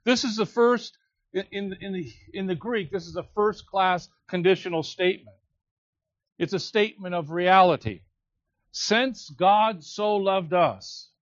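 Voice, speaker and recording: A man preaching an expository sermon, slow and emphatic, drawing out key words. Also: high voice, no room sound. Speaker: pastor. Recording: slightly dull, lo-fi sound.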